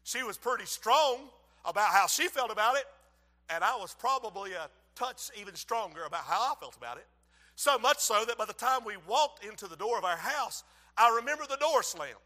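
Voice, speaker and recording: Man, preacher, very high bright voice, hushed to shouting, long hall echo. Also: brisk. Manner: animated, swings from hushed to shouting. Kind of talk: sermon with acted-out story.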